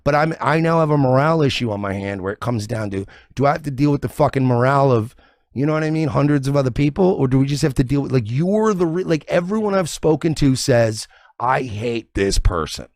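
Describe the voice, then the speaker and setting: A man's voice: medium pitch, fast, darkish tone, dry recording, studio quality. A man hosting a stream, rambling and profane in casual reaction commentary. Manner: rambling, profane, many restarts. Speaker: stream host.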